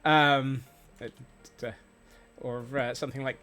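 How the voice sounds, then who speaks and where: A man talking loosely over his game stream, his pitch bouncing around a lot as he rambles and jokes. He trips over his words and restarts often, and faint music plays underneath. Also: expressive, a little slow, a bit bright. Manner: rambling, playful, many fillers and restarts. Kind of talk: casual gameplay chat.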